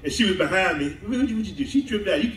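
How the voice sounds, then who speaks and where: Laughing high-voiced pastor, echoey church. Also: male voice, animated, rapid-fire, a bit bright, a little hiss or hum. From southern United States. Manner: laughing, conversational preaching with call-and-response. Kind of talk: sermon. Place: church sanctuary. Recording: echoey church hall mic from a distance.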